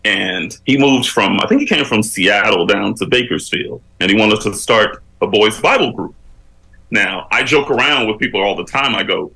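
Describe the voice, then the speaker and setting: A man, a guest on an interview show, telling his life story with animated, preacherly emphasis that climbs as he builds a point. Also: on the low side, moderate pace, poor audio.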